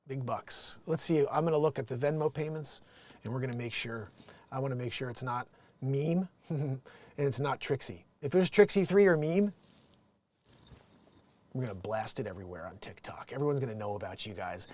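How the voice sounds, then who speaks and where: A man from New Jersey hosting a show, chatting casually and rambling with many restarts and lively swings. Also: medium pitch, moderate pace, pauses often, no echo. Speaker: show host. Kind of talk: casual commentary.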